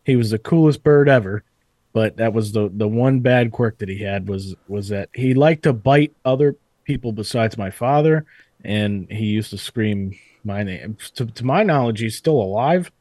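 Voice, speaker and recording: A man in a casual chat, telling a relaxed story. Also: on the low side, moderate pace, no room sound.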